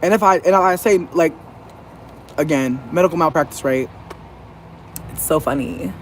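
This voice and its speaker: A high-pitched man rants to camera in a loose, swearing monologue. He talks animatedly and slips into shrill impressions of the people he quotes. Faint background noise sits under his voice. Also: moderate pace. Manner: profane, animated, mimics others in a high voice. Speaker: vlogger. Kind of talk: casual venting monologue.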